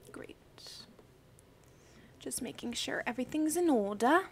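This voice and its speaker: A woman's voice: high voice, lively intonation, a little slow, husky. A young woman streaming a crossword session, chatting casually and gushing as she greets viewers by name. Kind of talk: casual livestream chat.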